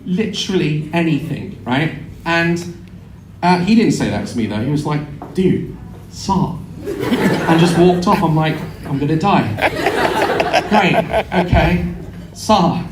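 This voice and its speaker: A man's voice: fairly high pitch, a little slow, background noise. Sweary man telling stories on a stage. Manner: animated, sweary, acts out voices and screams. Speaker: live show performer. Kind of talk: comic storytelling to a live audience. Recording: echoey venue, heard from afar. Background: audience laughter.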